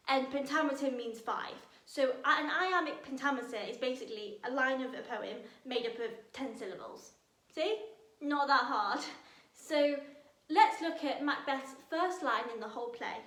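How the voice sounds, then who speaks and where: A woman's voice: high-pitched, moderate pace, a bit bright. A young British woman leading a drama workshop, talking energetically and playfully to her young audience. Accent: British English. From Britain. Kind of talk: lively teaching to camera. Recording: echoey room.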